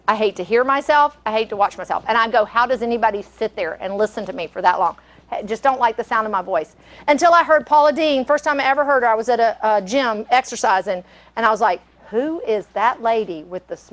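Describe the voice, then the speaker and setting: A woman's voice: sits high, a bit bright. A middle-aged woman, teaching a live cooking class and telling stories, chatty with frequent laughter and fillers.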